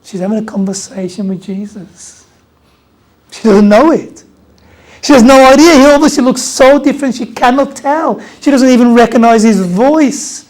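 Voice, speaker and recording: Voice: mid-range voice, darkish tone. An Australian preacher giving an Easter sermon in a church, conversational, repeating key phrases and joking with the congregation.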